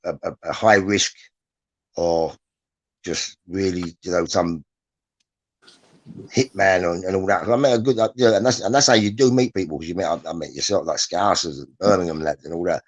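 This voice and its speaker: A man's voice: sits low, moderate pace. A man, telling prison stories in casual chat, rambling and restarting, often tagging lines with "yeah?". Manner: rambling, repeats words, restarts, "yeah?" tags. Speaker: guest, former prisoner.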